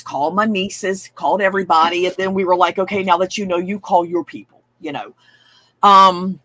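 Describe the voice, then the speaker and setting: A woman's voice: medium pitch, fairly bright tone. A woman, telling a long personal story in a casual, rambling way, with swearing and frequent asides.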